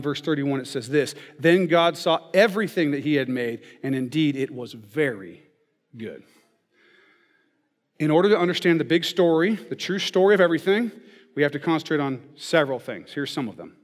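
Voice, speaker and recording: Man preaching in a reverberant hall. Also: mid-range voice. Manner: conversational, often checks in with "okay?" and "right?". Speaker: pastor. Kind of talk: sermon. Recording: long reverb of a large hall.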